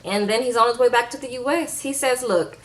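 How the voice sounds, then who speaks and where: A sassy woman talks through a reality show recap in a casual, chatty way, tossing in playful asides to her viewers. Her voice sits a little on the high side, and she drops lower and softer when she acts out what people said. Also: fairly even intonation, fast talker.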